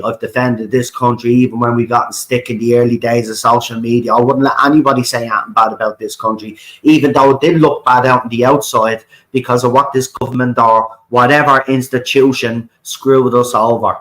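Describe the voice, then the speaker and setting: Heard on a low-quality recording, this medium-pitched man with a fairly bright tone hosts a livestream from Ireland. His rant burns with passion, and he peppers it with swearing, repetition and a recurring "right?".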